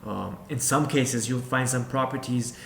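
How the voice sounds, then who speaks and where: Here the investor's voice is gravelly, medium-pitched and measured as he teaches newcomers to real estate, talking to camera and telling "you" the same points more than once in a direct way. There's slight background noise, plus the echo of the room and a faint ambient hum.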